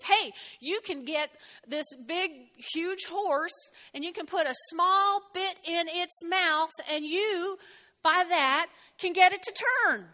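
High bright woman preaching in a reverberant hall. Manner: animated, chatty, jokes and laughs with the congregation. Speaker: pastor. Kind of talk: lively sermon. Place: church hall. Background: congregation shouting out.

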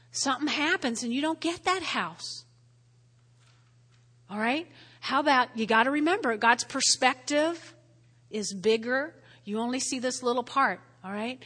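High, bright woman pastor preaching. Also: a little slow, slightly rough. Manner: conversational, checks in often with "all right?"; repeats key phrases for emphasis. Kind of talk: sermon. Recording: long reverb of a large hall.

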